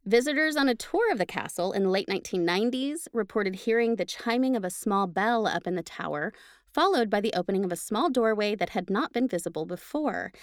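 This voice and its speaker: A woman hosting a podcast, reading a ghost story aloud with chatty asides and slowing down for the spooky parts. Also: medium pitch, dry recording, studio quality. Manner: lively, laughs between lines, slows for spooky parts. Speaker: podcast host.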